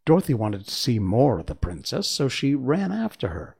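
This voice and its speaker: A man narrating a children's storybook with an expressive, animated delivery. His voice is gravelly with creak, swinging widely in pitch, and sits in a plain middle register. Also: normal speed. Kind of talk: storybook reading aloud.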